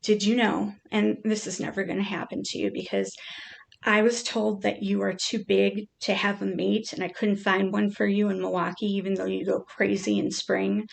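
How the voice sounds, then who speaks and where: A woman's voice: medium pitch, little pitch movement, normal speed, creaky, soft background music. A woman chatting playfully to her pet, reading out odd facts in a casual, joking way.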